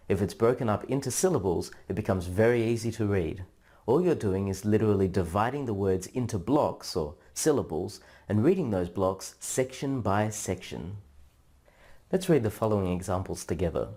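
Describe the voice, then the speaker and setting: A man narrating a scripted language lesson in a measured, instructional way, drawing out syllables for practice. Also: lowish voice, animated, mellow. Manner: slow, measured, drawn-out syllable drills. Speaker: language teacher.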